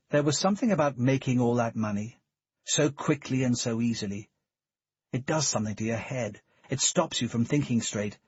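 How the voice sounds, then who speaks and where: Husky male audiobook narrator. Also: medium pitch, no echo. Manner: measured, steady reading. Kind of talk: scripted narration. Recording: dull, dry studio recording.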